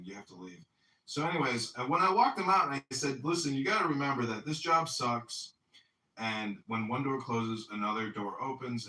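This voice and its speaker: A man telling a long rambling story in a casual chat, swearing freely as he goes. His voice is very bright and cutting, and it sounds distant and echoey, caught from well off the mic. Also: mid-range voice. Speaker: podcast host. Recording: echoey audio from far off the mic.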